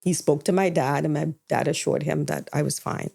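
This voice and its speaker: A woman's voice: deep voice, fairly even intonation, moderate pace, creaky, dark tone. A woman co-hosting a podcast, candidly retelling a personal story and acting out the dialogue. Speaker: podcast co-host.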